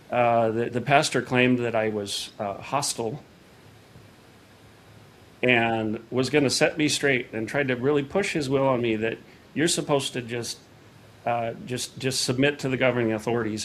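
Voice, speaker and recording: A middle-aged man, a podcast guest, telling a personal story in a casual, animated way and acting out quoted dialogue. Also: medium pitch, a little hiss or hum.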